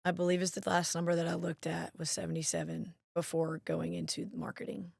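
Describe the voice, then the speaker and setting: A woman's voice: lowish voice, big pitch swings, fairly quick, vocal fry, darkish tone, no echo. A woman, a National Guard marketing director telling stories as an interview guest. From Mississippi. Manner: chatty storyteller, acts out quoted voices. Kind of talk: casual interview chat.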